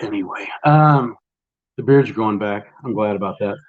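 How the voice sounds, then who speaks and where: A man's voice: fairly low pitch, unhurried. A man co-hosting a casual late-night chat show, rambling and laughing often. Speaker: podcast co-host. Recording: lo-fi dull sound.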